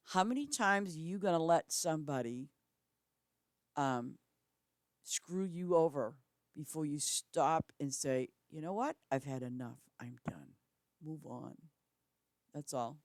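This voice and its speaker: A woman's voice: low voice, darkish tone, dry recording, clean studio sound. A middle-aged woman chatting on a live stream from home, blunt and matter-of-fact, often restarting her sentences. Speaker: game streamer. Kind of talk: casual chat on a live stream.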